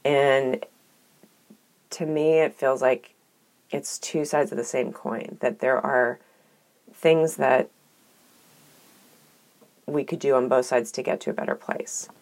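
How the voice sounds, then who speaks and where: A woman co-hosting a podcast, talking in a thoughtful, earnest and measured way in a reflective conversation. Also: a bass voice, steady tone, darkish tone. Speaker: podcast co-host.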